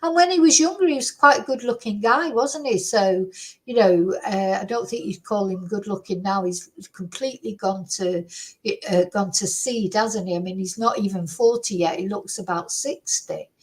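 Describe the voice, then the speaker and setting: A woman's voice: medium pitch, normal speed, rough recording. A woman hosting a true crime chat at her computer, talking casually and ramblingly with lots of "you know" and tag questions. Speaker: true crime channel host. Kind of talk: casual solo commentary to viewers. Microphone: computer microphone at a desk.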